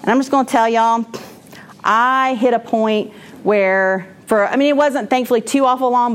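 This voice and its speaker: A woman's voice: mid-range voice, clear, resonant tone. A woman gives a candid, rambling personal testimony at a church moms' class, often restarting her sentences and laughing.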